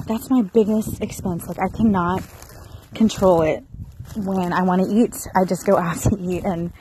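A woman in her thirties talks to her viewers in a loose, chatty way, her voice jumping up in excited bursts and then settling back down. She sits in an ordinary middle range for her pitch, with a faint hiss of noise and outdoor air behind her. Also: rough recording. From Florida. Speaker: vlogger. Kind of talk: casual vlog chat.

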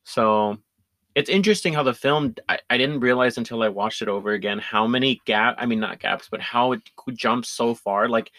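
A man's voice: mid-range voice, normal speed, pushed and bright, no room sound. A man in casual conversation, recapping a film with enthusiasm, often laughing and restarting his sentences. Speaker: podcast co-host.

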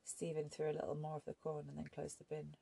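A woman narrating an audiobook in a measured, even storytelling manner. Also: deep voice, creaky, slightly rough.

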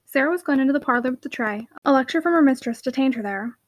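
A woman reading a classic novel aloud as an audiobook narrator, with steady, expressive storytelling. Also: high voice, fast, no echo, low-quality recording.

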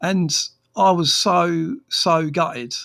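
Therapist guy rambling on his podcast, kinda gravelly, a bit high. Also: steady tone, drawn-out words, fairly bright tone. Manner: rambling, frank, with many fillers and restarts. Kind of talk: casual solo podcast monologue.

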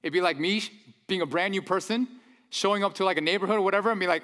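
A man preaching a sermon in a church, conversational and animated, with mock-incredulous asides. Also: high voice, very fast. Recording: long hall reverb.

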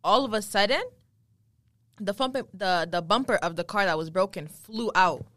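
A young woman telling a story in a casual group chat, rapid and profane. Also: medium pitch, fairly bright tone, no echo, clean studio sound.

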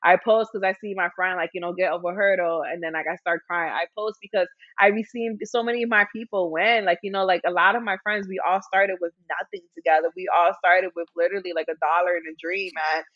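A woman's voice: lowish voice, steady tone, fast, few pauses, no echo. A woman, a company founder, chatting casually as a podcast guest, with many fillers and frequent laughs. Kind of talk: casual chat. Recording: dull dry sound.

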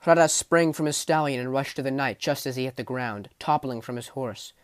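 A man narrates a fantasy novel as an audiobook, with vivid, intense storytelling. His mid-range voice climbs with the action and sinks to a low menace for the darker passages. The recording is dry and close, with no room sound. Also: fairly quick, clean tone, dry recording.

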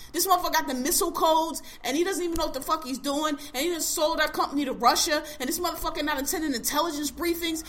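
Bright-voiced woman ranting angrily. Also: high voice, brisk. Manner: angry, profane, emphatic ranting. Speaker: podcast host. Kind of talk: casual ranting chat.

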